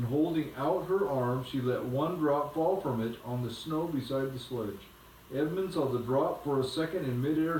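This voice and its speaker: A man reading a storybook aloud to a child at home, in a gentle, unhurried way. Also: fairly high pitch, a little hiss or hum. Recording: echoey room from a distance.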